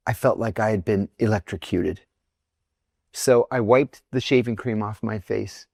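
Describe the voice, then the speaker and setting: A man's voice: lowish voice, a little slow, creaky, no room sound, studio quality. A middle-aged man from near Pittsburgh, speaking as a guest and telling personal stories bluntly and with animation in a casual interview. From near Pittsburgh, USA. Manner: animated storyteller, blunt, acts out quoted voices.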